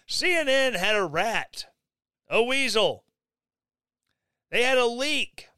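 A man giving sarcastic, mocking commentary on the news, with animated asides. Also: very high-pitched, takes it slowly, long pauses, clear, resonant tone, no room sound. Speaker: commentary vlogger.

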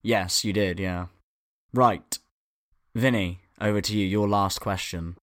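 A man's voice: fairly low pitch, steady tone, takes it slowly, a bit bright. A man hosting a casual podcast quiz, laughing often and swearing casually. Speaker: quiz host.

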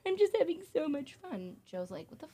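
A woman co-hosting a casual comedy chat, effusive, quick to laugh and swear. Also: sits high, big pitch swings, a crowd in the background. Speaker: podcast co-host.

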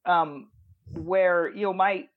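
A man's voice: sits high, fairly even intonation, slow, no echo, narrow, tinny audio. A man chatting casually as a guest, rambling and self-deprecating, on a remote line. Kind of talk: casual chat.

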